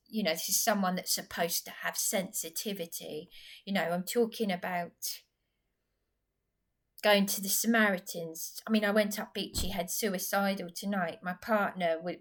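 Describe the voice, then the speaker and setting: A woman, recounting a story in a rambling, agitated personal vlog. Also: on the low side. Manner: agitated, rambling retelling with restarts. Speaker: vlogger.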